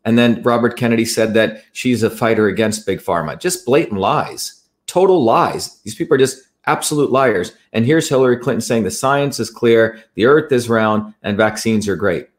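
A man's voice: mid-range voice, moderate pace. A man presenting to an online audience in a heated talk, emphatic and accusatory, often restarting his sentences.

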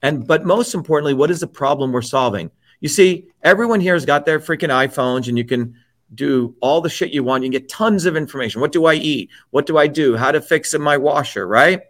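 A guest on an interview show unleashes a heated political rant that is profane, forceful and repetitive, delivered in a fairly high-pitched voice at a brisk clip.

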